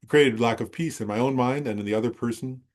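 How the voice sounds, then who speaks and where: A fast-talking Buddhist teacher with a mid-range voice shares a personal story in his dharma talk. It unfolds in a loose, rambling way, and he often makes sure listeners are keeping up.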